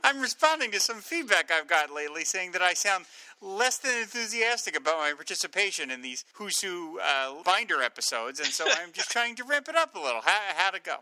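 A man's voice: high-pitched, big pitch swings, brisk, sharp tone, no room sound, rough recording. A man co-hosting a comic book podcast, chatting casually with fillers and laughs. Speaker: podcast co-host.

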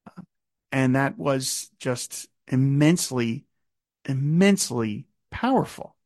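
A man's voice: mid-range voice, expressive, slow, a little mellow, no echo, clean studio sound. A man in his fifties hosting a podcast, musing casually about a song with many fillers and restarts. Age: 50s. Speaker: podcast host.

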